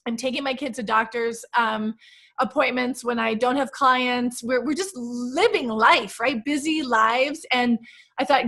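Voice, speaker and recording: An American woman hosting a relaxed conversation, her voice sitting on the higher side. She tells stories with lively, emotional energy and plenty of fillers. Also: measured pace, breathy edge. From United States. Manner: animated, emotional storytelling. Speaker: host. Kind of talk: casual podcast chat.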